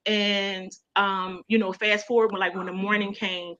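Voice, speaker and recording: Baltimore woman, mid pitch, raw personal storytelling, slightly muffled recording. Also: level tone, normal speed, bright, forceful tone, slight background noise. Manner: emotional, conversational, many fillers like "you know". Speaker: guest. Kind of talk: personal storytelling in a radio interview. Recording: dull lo-fi sound.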